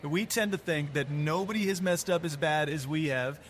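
A man's voice: a little high, normal speed, slight background noise. A man, a pastor, speaking earnestly in a conversational sermon and reading scripture aloud.

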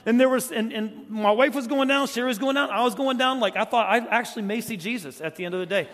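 A high-voiced male guest preacher from South Carolina tells jokes and stories at a quick pace in a humorous sermon in a church sanctuary. Conversational in manner, he swings between loud storytelling and quiet earnestness. The recording carries a long church-hall reverb.

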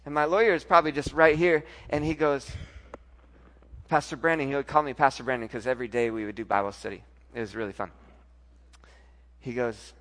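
A pastor preaching a sermon, telling a personal story, moving from soft, intimate lines to loud, emphatic ones. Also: male voice, medium pitch, fairly even intonation, a little fast.

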